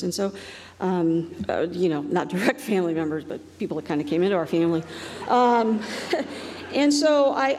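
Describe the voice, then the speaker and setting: Middle-aged woman from Ohio, self-deprecating stage speaker; slightly breathy, echoing hall. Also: fairly low pitch, darkish tone. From northeastern Ohio. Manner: rambling, self-deprecating, laughing often. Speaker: guest speaker. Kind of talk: humorous live talk.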